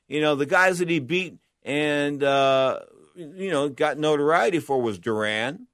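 A man's voice: a little high, a little slow, fairly bright tone, dry recording, clean studio sound. A man talking boxing history in a blunt, emphatic monologue, often asking and answering his own questions. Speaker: boxing commentator. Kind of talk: opinionated monologue.

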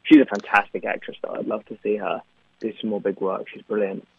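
A man's voice: on the low side, level tone, brisk, creaky, husky, no echo. A young man with an English accent, an actor chatting as an interview guest, talking freely with many fillers and laughs. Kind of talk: remote interview. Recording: tinny phone-like line, dry.

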